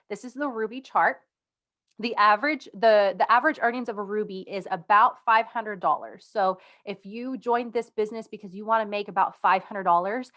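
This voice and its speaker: A woman's voice: mid-range voice, a bit bright. Upbeat woman coaching her sales team. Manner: upbeat, conversational, stresses key words. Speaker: direct-sales team leader. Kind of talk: casual instructional video.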